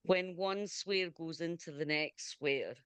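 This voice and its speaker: Scottish woman, radio host, enthusiastic casual chat, smooth voice, dry close sound. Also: sits low, a bit bright, no room sound. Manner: chatty and enthusiastic, quick to laugh. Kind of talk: casual video interview chat.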